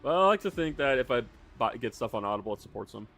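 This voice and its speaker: A man's voice: mid-range voice, big pitch swings, quick pace, fairly bright tone, soft background music. A man streaming casually from his hobby room, rambling, swearing now and then and reading out chat messages.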